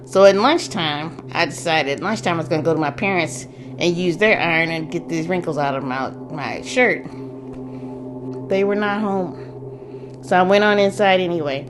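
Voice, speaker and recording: Low-voiced woman telling a ghost story. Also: moderate pace, background noise. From St. Louis, US. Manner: conversational, restarts and describes with gestures. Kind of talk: personal ghost story told casually. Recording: music underneath.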